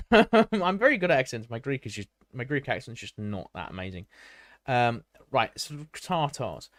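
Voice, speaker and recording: A man's voice: mid-range voice, big pitch swings, moderate pace, fairly bright tone, dry recording, studio quality. A man streaming live, reading a history article aloud and breaking off to chat with viewers. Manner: reads aloud with many restarts and asides; chatty, answers live chat.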